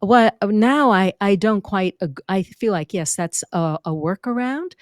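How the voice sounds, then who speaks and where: A middle-aged woman, a vocal coach, telling stories in an interview, animated and acting out what others said. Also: medium pitch, unhurried, no echo, clean studio sound. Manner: animated, acts out quotes, demonstrates vocal fry. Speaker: speaking and vocal coach, guest. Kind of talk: conversational interview storytelling. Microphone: close microphone.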